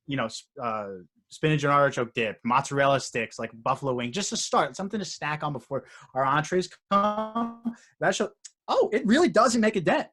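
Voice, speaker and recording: A young man hosting a casual podcast, rambling and excitable with lots of fillers. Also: on the high side. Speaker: podcast host. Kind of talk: casual chat.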